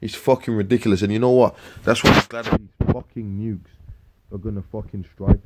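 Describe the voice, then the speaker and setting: Guy ranting scripture, low voice, swears a lot, trips over his words. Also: fairly even intonation, very noisy. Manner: profane, scornful, swings into loud outbursts; slangy, fast restarts and repeated words. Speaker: street preacher.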